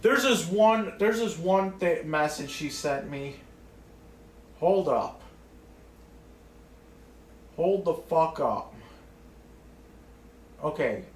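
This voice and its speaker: A man's voice: on the high side, expressive, drawn-out words, pauses often, reverberant, a little hiss or hum. A man ranting casually to camera in a rambling way, swearing often and restarting his sentences. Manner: rambling, profane, many restarts and fillers. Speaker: vlogger.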